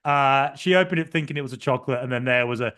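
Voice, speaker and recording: A man's voice: mid-range voice, fast, fairly bright tone, clear, resonant tone. A young man co-hosting a casual podcast, telling a long story in a rambling way with frequent ums and restarts. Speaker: podcast co-host.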